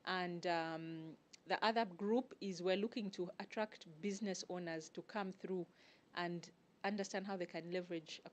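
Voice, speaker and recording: A woman, a guest organizer answering interview questions in a measured, explanatory way with frequent pauses. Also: on the low side. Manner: measured, explanatory, pauses often to find words. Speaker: guest, networking group organizer.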